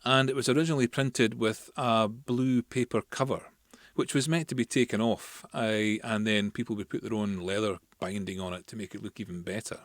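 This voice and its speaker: A man's voice: fairly low pitch, steady tone, normal speed, no room sound, studio quality. A Scottish man hosting a podcast, casually explaining history with chatty asides and the odd filler. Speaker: podcast host.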